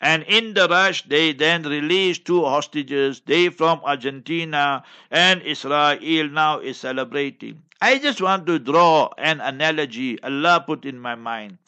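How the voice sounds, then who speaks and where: An older South African man hosts a religious talk show, reading through the news with emphatic, scolding commentary. His voice is bright and forceful and sits a little high for a man, and he keeps pressing his points hard. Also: measured pace, few pauses, smooth. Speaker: Islamic radio talk host.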